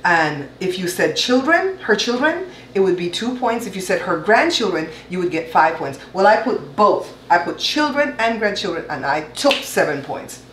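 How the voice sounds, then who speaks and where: A woman's voice: medium pitch, big pitch swings, moderate pace, hardly any pauses, fairly bright tone, a little hiss or hum. A woman from Belize in her fifties hosting a home cooking show, chatting and teasing with a playful laugh. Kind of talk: casual kitchen chat. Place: home kitchen. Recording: echoey kitchen room.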